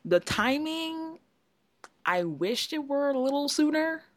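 A woman co-hosting a casual podcast, telling a long story with lively acted-out quotes. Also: high voice, takes it slowly, dry recording, clean studio sound. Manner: animated storyteller, acts out quotes. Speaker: podcast co-host. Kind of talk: casual chat.

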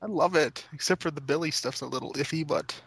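A man's voice: fairly high pitch, fast talker, gravelly, a bit bright, a little hiss or hum. A man co-hosting a podcast, joking provocatively in casual chat and slipping into silly voices. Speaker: podcast co-host. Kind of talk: casual chat reviewing a show.

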